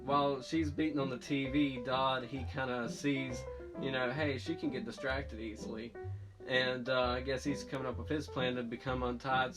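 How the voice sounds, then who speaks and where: Rambling man recapping over guitar music. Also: mid-range voice. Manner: rambling, filler-heavy, self-correcting. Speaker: TV show reviewer. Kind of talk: casual spoken episode recap.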